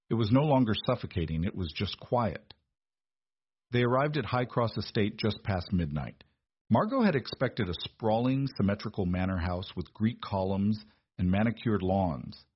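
A man narrating a scripted story in a steady, measured storytelling manner. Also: lowish voice, slightly rough, no echo, lo-fi sound.

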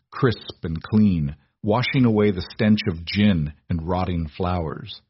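A man reading a story aloud in a measured, dramatic narration. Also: low voice, husky, no room sound. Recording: dull lo-fi recording.

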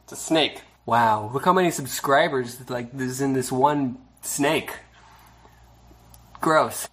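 A man's voice: mid-range voice, slow pace, a bit bright, a little hiss or hum. A man vlogging as a YouTuber, joking and talking in a mock-sincere way. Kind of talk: casual vlog.

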